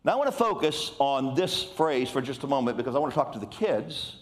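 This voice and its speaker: An older man preaching a sermon in a lively, conversational way, with frequent asides to the congregation. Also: mid-range voice, a little fast.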